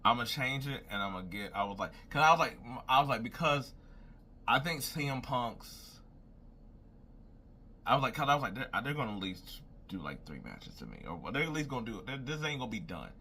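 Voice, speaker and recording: A man's voice: mid-range voice, big pitch swings, brisk, pushed and bright, slightly rough. A young man talking casually, rambling and thinking aloud as he makes predictions and keeps repeating "I was like". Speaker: wrestling commentator making predictions. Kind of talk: casual solo talk.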